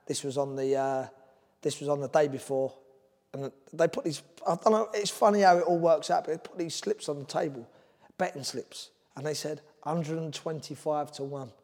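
Recorded in a large hall, this middle-aged former boxer has a slightly high, somewhat mellow voice at normal speed. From Ireland but with a London Cockney accent, he earnestly recounts his story as a candid podcast guest, wandering from subject to subject.

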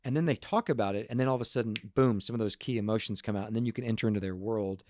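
A man speaking as a guest to a group, telling stories in an earnest, animated way and often restarting his words. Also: fairly low pitch, rapid-fire, slight background noise. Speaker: guest speaker on parenting and emotions. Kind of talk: casual storytelling talk to a group.

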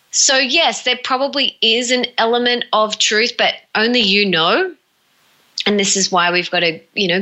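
A woman's voice: mid-range voice, pushed and bright, poor audio. A woman being interviewed as a motivational speaker, talking earnestly and with emphatic repetition. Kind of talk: heartfelt motivational talk.

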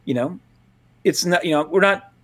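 A man's voice: sits high, normal speed, a bit bright. A man co-hosting a podcast, chatting casually and going off on tangents, laughing often and restarting his sentences. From Louisiana, US. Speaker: podcast co-host. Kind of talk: casual rambling podcast chat.

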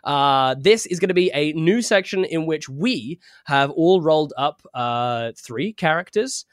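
A man's voice: a little high, lively intonation, a little slow, no echo, studio quality. A man hosting a podcast and running a tabletop game as dungeon master, chatting casually and laughing often. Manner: laughing, playful, rambling.

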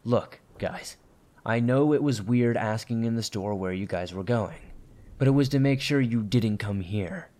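Man voicing a gruff grieving hunter. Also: on the low side, a little slow, mellow, natural voice. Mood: stern. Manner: curt, snapping, through clenched teeth.

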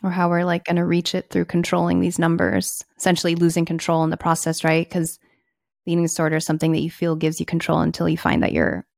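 A young woman co-hosting a casual podcast chat, animated and acting out her own past thoughts. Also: on the low side, fast talker, creaky, dry recording, clean studio sound.

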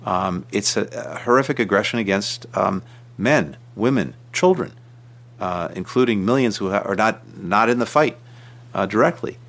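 Deliberate, emphatic low-voiced man. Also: vocal fry, a bit bright. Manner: deliberate, emphatic, with frequent restarts and pauses. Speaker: senior government official interviewed. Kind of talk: measured interview answers.

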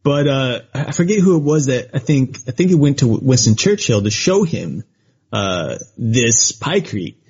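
A man's voice: mid-range voice, sing-song, measured pace, a little mellow, breathy edge, dull audio. A man co-hosting a podcast, chatting casually in a rambling way, with lots of fillers and frequent laughs. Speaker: podcast co-host. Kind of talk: casual chat.

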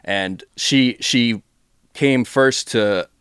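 A man's voice: mid-range voice, extremely slow, fairly bright tone, clean tone, dry recording, clean studio sound. A man with a Boston accent co-hosting a podcast, easygoing in casual chat. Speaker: podcast co-host.

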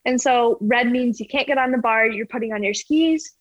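A woman's voice: a little high, moderate pace, no echo. A woman athlete answering interview questions in a chatty, casual way, full of fillers. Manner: chatty, full of "like" and "you know". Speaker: ski jumper guest. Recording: slightly dull lo-fi sound.

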